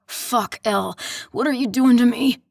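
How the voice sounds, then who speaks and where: A woman voicing a tender young boyfriend in a low, strained murmur in an audiobook. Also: level tone, normal speed, creaky, husky, no room sound, exaggerated voice. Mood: urgent.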